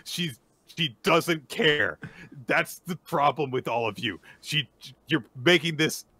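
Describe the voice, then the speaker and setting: A young man co-hosting a casual manga recap podcast, animated, often laughing and bursting into excited quoted voices. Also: fairly high pitch, takes it slowly. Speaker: podcast co-host.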